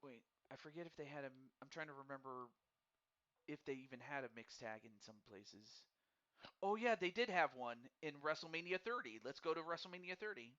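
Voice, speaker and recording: A man's voice: a little high, lively intonation, a little fast, pushed and bright. Chatty stammering man hosting a stream. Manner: chatty, stammers and repeats words while thinking aloud; friendly and addresses viewers directly. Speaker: stream host running a wrestling game. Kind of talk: casual live-stream commentary. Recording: dull lo-fi recording.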